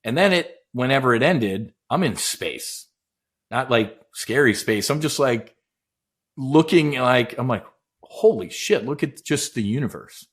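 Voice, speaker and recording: A middle-aged man, a former naval aviator, recounting a deep personal experience in an intense, animated way, swearing and acting out quoted dialogue. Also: unhurried, breathy edge. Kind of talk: emotional storytelling in casual chat.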